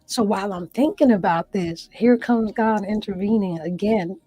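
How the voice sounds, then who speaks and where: A woman's voice: medium pitch, normal speed, mellow, rough recording. A woman who is a comedian, a guest telling an emotional personal story with earnest feeling and acting out her own past words. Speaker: interview guest.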